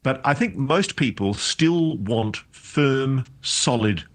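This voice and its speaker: A man answering in an interview clip, speaking in a measured, earnest way. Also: medium pitch, expressive.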